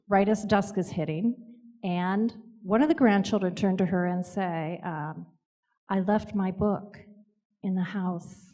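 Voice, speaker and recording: Woman talking slow and thoughtful about grief, lots of little pauses, voice rings out w long reverb. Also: medium pitch, warm tone. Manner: measured, with hesitant pauses and fillers. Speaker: author speaking about grief and spirit visits. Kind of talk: reflective storytelling talk.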